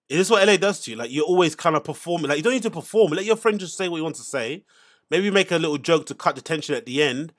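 A man's voice: on the high side, animated, fast talker. A man hosting a casual commentary, reacting to podcast clips in an exasperated, sarcastic rant.

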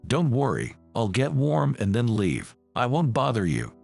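A man's voice: medium pitch, huge pitch swings, measured pace, creaky, darkish tone, slightly rough, soft background music, heavily acted. A man voicing a timid, humble old homeless man in a read-aloud story, close to his own reading voice.

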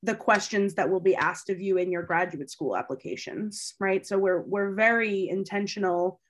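A woman's voice: mid-range voice, moderate pace. A woman co-presenting a webinar, explaining an application process in a casual, chatty way with fillers.

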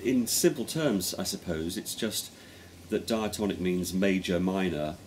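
Deep-voiced man explaining music carefully. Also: measured pace, slight background noise. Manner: thoughtful, explanatory, talks in careful steps. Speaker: folk musician, pipe player. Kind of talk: casual conversation about music.

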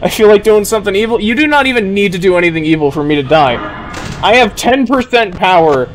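High-voiced nervous young man streaming. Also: lively intonation, fast talker, soft background music, poor audio. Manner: nervous rambling, swinging to loud yelling. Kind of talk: live gameplay commentary.

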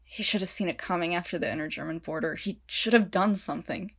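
A matter-of-fact country that states things plainly, as a woman reader voices it. Even and direct, in a storybook reading. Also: on the low side, fast, breathy edge. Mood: firm.

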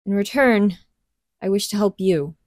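A woman voicing a timid, gentle young princess who speaks earnestly. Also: mid-range voice, unhurried, no echo, close to an everyday voice. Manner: earnest, pleading.

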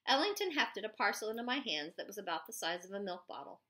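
Audiobook narrator: woman, animated, bright, first-person storytelling. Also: medium pitch, fast.

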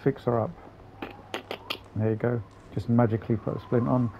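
A man's voice: medium pitch, flat delivery, moderate pace, lo-fi sound. A man hosting a gaming channel, giving chatty, profane, grumbling let's-play commentary. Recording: game engine noise behind voice.

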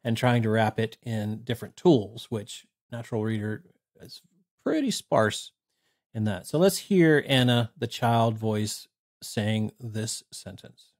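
A man in his thirties casually reviewing software, blunt and sarcastic, swearing freely. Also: fairly low pitch, animated, measured pace. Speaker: tech reviewer. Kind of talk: casual screen-recorded review.

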